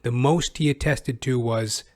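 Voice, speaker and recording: A male podcast host giving rambling, sarcastic commentary. He talks casually with plenty of profanity and filler. His pitch sits in a middling range. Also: unhurried, darkish tone.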